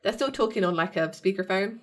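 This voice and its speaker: A woman's voice: mid-range voice, animated, brisk. A woman co-hosting a podcast, chatting casually as she recaps a TV episode, acting out characters' lines and laughing often. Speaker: podcast co-host.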